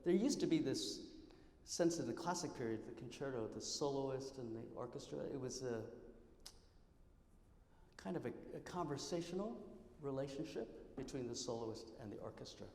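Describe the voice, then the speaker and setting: A man's voice: medium pitch, expressive, moderate pace. A man giving a public piano masterclass, counting beats aloud, scatting rhythms and explaining phrasing to a student. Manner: sings and scats rhythms loudly between quiet explanations. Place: recital hall. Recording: roomy hall, piano playing behind.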